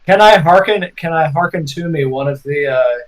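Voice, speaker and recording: A man's voice: on the high side, moderate pace, low-quality recording. A man playing a tabletop game, thinking aloud in a hesitant, casual way. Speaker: player.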